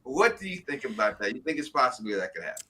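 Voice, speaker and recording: A man with a New York accent, chatting loosely and animatedly about a show as host. His voice is bright and forceful. He chuckles often as he rambles on. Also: medium pitch, very animated, quick pace. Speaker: podcast host. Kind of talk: casual TV recap chat.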